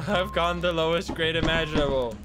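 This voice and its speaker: A young man live-streaming a game, excitable, yelping and shouting whenever things go wrong. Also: on the high side, normal speed, music in the background. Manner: excitable, yelps and shouts at setbacks. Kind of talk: live gameplay commentary.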